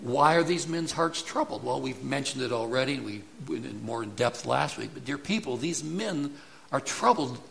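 A man's voice: mid-range voice, expressive, normal speed, gravelly, fairly bright tone. A man preaching an expository sermon, stopping now and then to act out quoted lines. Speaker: pastor.

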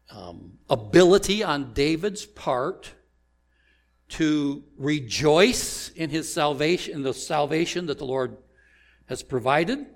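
A pastor delivers a sermon in a slightly high voice. He speaks slowly and deliberately. He keeps turning to his listeners with rhetorical questions.

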